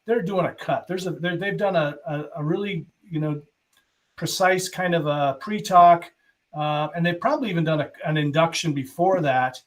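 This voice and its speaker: A man with a fairly high voice hosts a live online hypnosis show over a video call. He thinks aloud, chats casually, and reads out questions from viewers. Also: normal speed. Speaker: host hypnotist. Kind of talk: casual live-stream chat.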